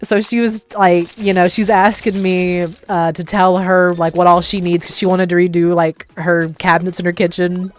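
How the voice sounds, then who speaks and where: A woman's voice: fairly low pitch, level tone, moderate pace, few pauses. Rambling young woman telling stories. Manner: rambling, full of "like" fillers, laughing often. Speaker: livestream host. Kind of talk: casual storytelling.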